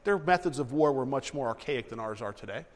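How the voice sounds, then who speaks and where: A man preaching and reading Bible verses aloud, animated and repeating himself as he acts out the story. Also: mid-range voice, a little fast, big-room sound. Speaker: preacher teaching a Bible passage.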